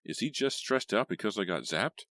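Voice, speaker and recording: A man's voice: on the low side, lively intonation, moderate pace, fairly bright tone, voice pushed up. A man doing a nervous teenage boy. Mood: anxious. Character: anxious teenage boy, shaken and suspicious.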